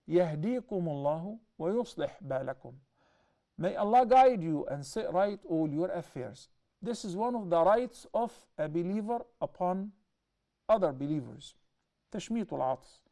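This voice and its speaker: A man explaining a hadith in a measured way, often restating himself as he teaches. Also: sits high, warm tone. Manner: measured, explanatory, with repeated self-corrections. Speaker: Islamic teacher.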